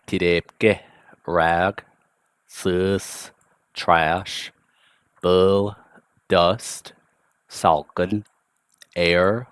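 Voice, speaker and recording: A man giving a relaxed vocabulary and grammar lesson, thinking aloud with frequent ums and asides. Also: deep voice, dry recording, clean studio sound. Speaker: language teacher.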